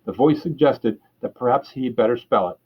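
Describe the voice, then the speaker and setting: A man reads a children's book aloud in a steady, plain voice with a husky edge, clearing his throat now and then. The recording is dull and lo-fi. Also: medium pitch, fairly quick. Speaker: storyteller.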